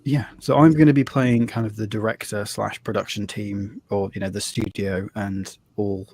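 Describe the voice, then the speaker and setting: A man's voice: fairly low pitch, steady tone, moderate pace, darkish tone, slightly rough. A man hosting a live tabletop game stream as game master, talking in a loose, chatty way with fillers and restarts.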